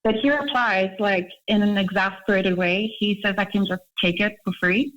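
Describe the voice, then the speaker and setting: A woman's voice: mid-range voice, moderate pace, a bit bright. A young woman calling into a show, telling her story in a chatty way with many fillers. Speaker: caller. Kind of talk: casual call-in chat. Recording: dull, lo-fi call audio.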